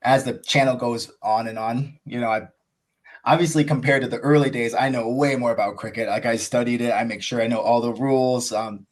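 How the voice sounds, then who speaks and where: An American man chats as a guest on a podcast, eager and rambling, his sentences looping through fillers. His voice sits at a middling pitch for a man. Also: fairly even intonation, fairly quick. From USA. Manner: enthusiastic, rambling, heavy use of "like" and "you know". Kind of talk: casual interview storytelling.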